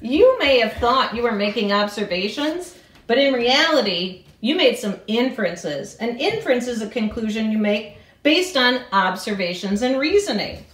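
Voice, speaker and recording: Woman teacher explaining, lively pitch. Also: moderate pace. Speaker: teacher explaining a science puzzle. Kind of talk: short classroom explanation. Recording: roomy room sound.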